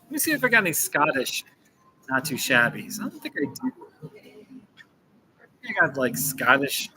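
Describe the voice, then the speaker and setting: A man's voice: on the high side, huge pitch swings, moderate pace, pushed and bright, low-quality recording. A man chatting casually on a livestream from a coffee shop corner, playful and chatty and repeating his phrases with chuckles. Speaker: livestream host. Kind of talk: casual livestream chat reading viewer comments.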